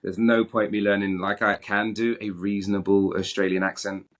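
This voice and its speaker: A British man with a very low voice talks openly in an interview. He is animated and frank, and he often repeats his opening words before he finishes a thought. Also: moderate pace. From Britain. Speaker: actor, guest. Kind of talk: candid interview conversation.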